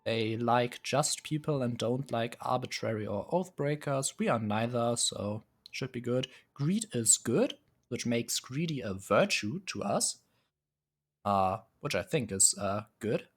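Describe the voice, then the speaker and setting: A man's voice: medium pitch, expressive, unhurried. A man streaming live, casually musing and hesitating as he sets up a strategy game, chuckling often. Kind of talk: casual live gameplay commentary.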